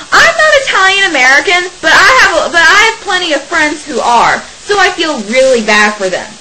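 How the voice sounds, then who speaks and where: A young woman in her late teens rants into the camera, exasperated and sarcastic, with laughs breaking in between her complaints. Her voice sits high and swoops up and down. A steady hiss runs under the home recording. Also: normal speed, rough recording. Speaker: vlogger. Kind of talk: ranting to camera.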